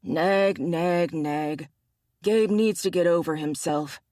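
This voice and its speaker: A man's voice: a little high, slow, darkish tone, no room sound. An audiobook narrator voicing a wry, teasing male bear-shifter hunter with a dry, needling manner, in a dry recording. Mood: insistent.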